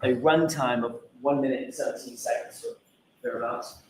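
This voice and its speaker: A man working as a trial attorney, questioning a witness in a measured, formal way. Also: mid-range voice, darkish tone. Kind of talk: courtroom questioning. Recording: roomy courtroom audio with faint noise.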